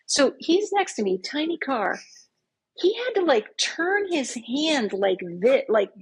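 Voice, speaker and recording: A woman in her fifties, a podcast guest telling a dating story in a casual, animated way and acting out what she said back then. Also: high voice, slow pace, rough recording. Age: 50s. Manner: animated, acts out her own past lines.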